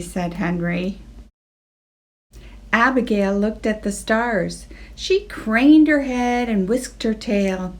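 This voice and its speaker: A woman reading a children's picture book aloud, slow and expressive, jumping up in pitch for the animals. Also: creaky. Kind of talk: read-aloud storytelling.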